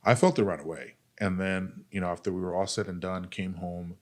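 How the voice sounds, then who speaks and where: A man's voice: deep voice, fairly even intonation, brisk, darkish tone. A man, an army veteran and podcast guest, telling his story in a casual, candid way, blunt and profane, full of "like" and "dude". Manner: earnest, speaks openly about pain and recovery.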